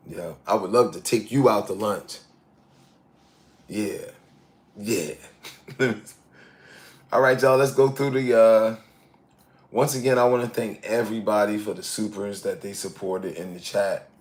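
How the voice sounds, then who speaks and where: A man's voice: lowish voice, steady tone, unhurried, long pauses, darkish tone. A man in his sixties casually chatting on a live stream, reading viewer comments aloud and laughing often. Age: 60s. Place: outdoors in hot weather in Thailand.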